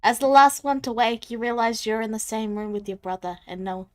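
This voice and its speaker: A woman acting as game master, narrating scenes and prompting the players in a relaxed way. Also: a little high, brisk.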